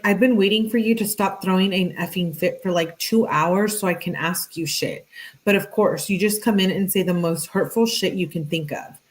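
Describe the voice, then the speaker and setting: A woman with a mid-range voice hosts a true-crime commentary on a low-quality recording. She reads text messages aloud, adding blunt, conversational and exasperated asides.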